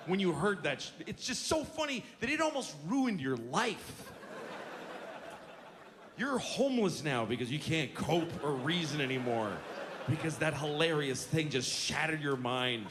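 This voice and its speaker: A man's voice: a little high, big pitch swings, measured pace. A man doing stand-up comedy on a stage mic, ranting sarcastically with plenty of swearing. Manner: profane, sarcastic ranting that builds to outbursts. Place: comedy stage with a live audience. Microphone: handheld stage mic. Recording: noisy live stage recording.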